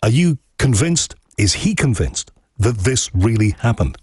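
A man's voice: medium pitch, very animated, unhurried, a little mellow, slightly rough, no echo, clean studio sound. A man hosting an interview, asking probing and skeptical questions, often at length. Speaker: interview host. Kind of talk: conversational interview.

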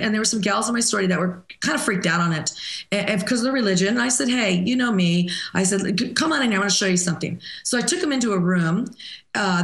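A woman in her fifties, a therapist guest, telling a story in an animated, halting way with many restarts. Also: medium pitch, echoey room. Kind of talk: storytelling in a podcast interview.

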